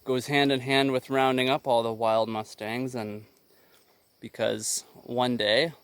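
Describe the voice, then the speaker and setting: A man's voice: medium pitch, clean tone. A young man rambling casually to his camera outdoors on rural land, loose and self-deprecating. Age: young adult. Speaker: vlogger.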